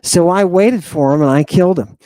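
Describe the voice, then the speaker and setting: A man's voice: high voice, brisk, warm tone, no room sound, close to an everyday voice. A man doing a laid-back talking serpent. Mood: casual. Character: casual talking male serpent, blunt and menacing.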